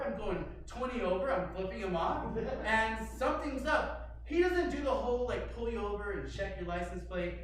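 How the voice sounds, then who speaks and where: A man's voice: high voice, far from the mic, a little hiss or hum. Man telling a story, echoey room. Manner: animated, loud bursts and quiet asides. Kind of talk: stand-up storytelling.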